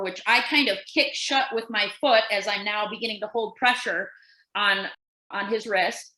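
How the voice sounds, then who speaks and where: A woman who works as a nurse and co-hosts a podcast tells a story casually, animatedly acting out the voices of the people involved. Her voice is medium in pitch, and the recording sounds roomy and rough.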